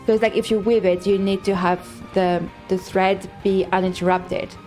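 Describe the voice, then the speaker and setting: A woman's voice: mid-range voice, fairly even intonation, normal speed, a little mellow, soft background music. A woman streaming a game live, chatting casually and thinking aloud, rambling with many fillers and restarts. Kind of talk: casual live-stream chat while gaming.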